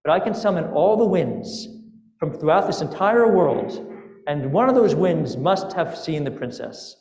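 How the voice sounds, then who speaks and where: Big friendly giant, calm and grand, rabbi voicing him, echoey hall. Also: male voice, on the high side, a little slow. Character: huge tree-carrying male giant, calm and helpful. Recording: echoey sanctuary with long reverb.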